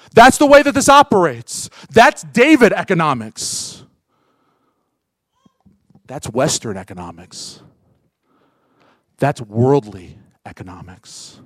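A male pastor preaching a sermon, acting out voices and swinging from loud bursts to hushed lines. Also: high-pitched, no room sound. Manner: animated, acts out voices of workers.

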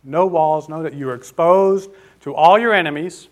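A man preaching a sermon, posing questions to his listeners, answering them himself and slowing down to stress key words. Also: a little high.

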